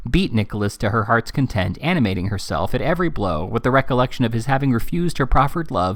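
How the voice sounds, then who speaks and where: A man reading a classic novel aloud in steady, even narration. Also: mid-range voice. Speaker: reader.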